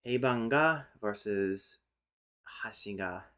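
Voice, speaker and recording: A man streaming live, chatting casually and thinking aloud as he explains language topics. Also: fairly low pitch. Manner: thinks aloud, pauses and restarts, sudden loud calls to his cat. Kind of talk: casual livestream chat and explanation.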